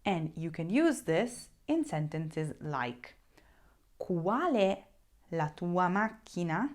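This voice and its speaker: A woman teaching a language lesson, who stresses key points by repeating them and models words slowly and carefully for the learner. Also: on the low side, big pitch swings, darkish tone. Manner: slow, careful modeling of pronunciation.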